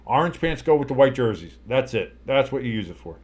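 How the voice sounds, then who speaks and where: A tired young man calls the game play by play in a loose, chatty way, swearing freely. His voice sits at an ordinary middle pitch and turns to shouts when a big play lands. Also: very animated, fairly quick. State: tired and yawning. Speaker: play-by-play streamer. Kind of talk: casual live play-by-play commentary.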